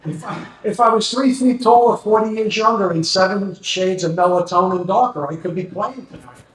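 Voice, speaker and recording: A man's voice: high voice, normal speed. A man in his sixties doing an open mic stand-up set with wry, self-deprecating stories. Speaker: stand-up comedian. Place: comedy venue with live audience. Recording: echoey room.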